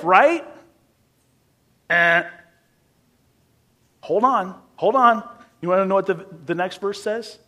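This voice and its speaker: A man preaching a sermon in an animated, emphatic way, with casual asides and acted-out quotes. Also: high-pitched, takes it slowly, long pauses. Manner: acts out quotes in a shifting voice.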